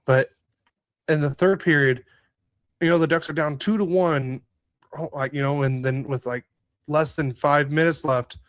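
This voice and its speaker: A Southern California man co-hosts a casual sports podcast, recapping a hockey game in a rambling, rueful way full of fillers and restarts. His fairly high voice holds a steady tone at a measured pace with long pauses, and there's no echo.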